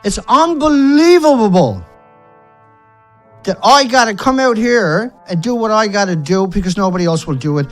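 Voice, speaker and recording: A man's fairly quick, high, fairly bright voice barely pauses as he rants in an angry monologue. He's an environmental activist vlogger, swearing at times while launching rhetorical questions and insult after insult. Soft music plays in the background.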